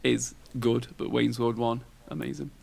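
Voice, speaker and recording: A man's voice: medium pitch, flat delivery, normal speed, vocal fry, a little mellow. A man, hosting a podcast in casual, rambling chat and tossing questions to his co-host. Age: 40s.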